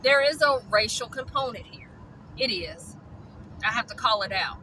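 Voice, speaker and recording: A woman's voice: on the high side, animated, moderate pace, noisy background. A woman, ranting bluntly and profanely in a vlog about dog rescue.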